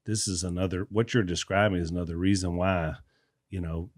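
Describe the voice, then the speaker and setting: A man's voice: low voice, fairly even intonation, fairly quick, no echo, studio quality. A man, co-hosting a casual podcast, adding short interjections and comments. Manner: brief interjections and affirmations. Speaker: podcast co-host.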